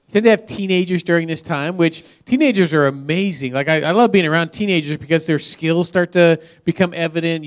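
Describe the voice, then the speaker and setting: A man in his fifties speaking to an audience as a marriage speaker, earnest and often repeating words as he goes. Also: fairly high pitch. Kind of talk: talk to an audience.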